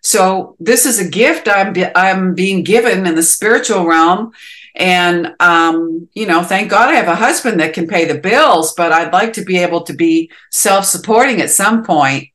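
A woman's voice: lowish voice, moderate pace, a bit bright. A woman with a Boston accent, a musician guest chatting in a podcast interview, rambling and leaning on "you know" fillers.

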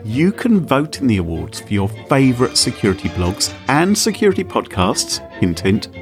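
A British man co-hosting a podcast in a playful, theatrical, joking manner. His pitch leaps up and down freely, and faint music plays behind him. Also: very animated, normal speed. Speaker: podcast co-host. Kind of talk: casual podcast chat.

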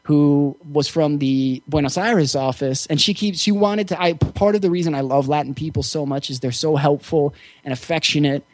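Male interview guest, fairly high voice, easygoing and reflective storyteller, close dry recording. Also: moderate pace, few pauses, dry recording. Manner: reflective, easygoing, with frequent fillers. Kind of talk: casual storytelling.

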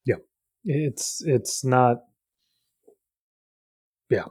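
A man co-hosting a podcast in casual chat, easygoing and quick to agree. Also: mid-range voice, a little mellow, breathy edge. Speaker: podcast co-host.

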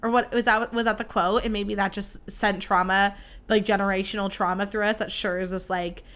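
A young adult woman hosting a solo podcast, chatting casually in an animated, gushing and dramatic way, speaking straight to her listeners. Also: mid-range voice, fairly quick, smooth. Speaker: podcast host.

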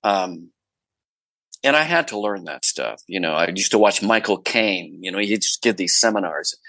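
A man being interviewed as an actor guest, telling anecdotes in an animated way. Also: deep voice, normal speed, vocal fry, no echo, low-quality recording. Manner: animated storyteller with many fillers and restarts.

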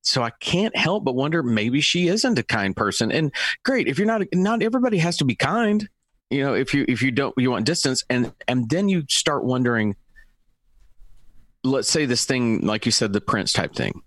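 A man co-hosting a casual podcast, thinking aloud in a reflective, measured way. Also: mid-range voice, big pitch swings, fairly bright tone, no echo. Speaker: podcast co-host.

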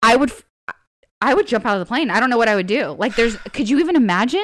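A woman's voice: on the high side, quick pace. A woman co-hosting a podcast, telling a story in casual chat, acting out the voices in it and laughing often. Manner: animated storyteller, acts out quotes, laughs often. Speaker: podcast co-host.

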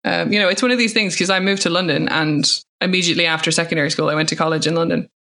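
A young woman co-hosting a podcast, chatting and ranting playfully with animated quoted voices. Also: lowish voice, very fast. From Ireland. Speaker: podcast co-host. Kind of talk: casual chat. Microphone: home recording.

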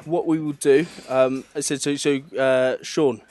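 A man's voice: medium pitch, little pitch movement, a little mellow. A young man from England, hosting a podcast in casual, jokey chat over a remote call. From southern England. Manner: jokey, chatty banter, quick to laugh. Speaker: podcast host.

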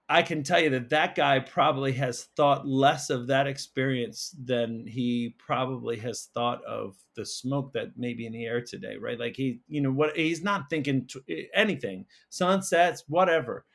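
A man's voice: medium pitch, creaky. A man, a school counsellor and podcast guest, telling a personal story in an earnest, emotional way with many fillers and restarts. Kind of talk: casual storytelling conversation.

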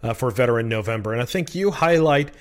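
A man's voice: medium pitch, animated, fast talker. A man hosting a casual podcast interview, chatty and rambling, often repeating words. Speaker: podcast host.

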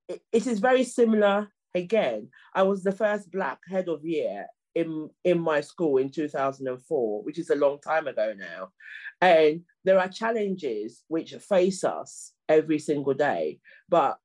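A middle-aged woman with a fairly low voice talks as a podcast guest. She tells stories in an animated, humorous way and often trips over her first words. Her tone is conversational and unscripted. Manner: animated, humorous, repeats words when starting sentences. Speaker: guest, clean air campaigner. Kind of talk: casual storytelling in conversation.

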